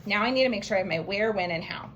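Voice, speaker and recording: A woman teaching a writing lesson to young children, slowly sounding out each word letter by letter. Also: medium pitch, muffled recording, a little hiss or hum. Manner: slow, stretched phonics sounding-out. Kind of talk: early-grade writing lesson, sounding out words.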